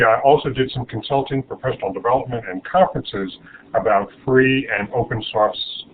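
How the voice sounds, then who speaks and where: Male webinar host, low voice, measured, phone-like sound with faint hiss. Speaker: host introducing a speaker. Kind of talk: webinar introduction. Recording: tinny web call with faint noise.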